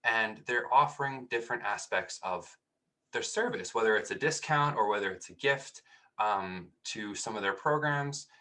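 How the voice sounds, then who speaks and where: A man's voice: fairly low pitch, lively intonation, moderate pace, pushed and bright. A young man giving a casual, chatty talk, telling a personal story with many restarts. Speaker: speaker.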